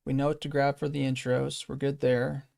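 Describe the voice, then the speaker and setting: A man's voice: medium pitch, flat delivery, normal speed, creaky, a little mellow, no room sound, clean studio sound. A man giving casual commentary while practicing a game speedrun, thinking aloud, repeating phrases and correcting himself as he plays. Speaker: speedrunner streamer.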